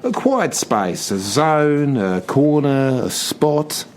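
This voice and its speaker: A man's voice: medium pitch, animated, slow, slight background noise. A man playing a smug, laid-back Australian business expert in a comedy radio sketch, talking in a breezy, soothing way. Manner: breezy, soothing, self-satisfied.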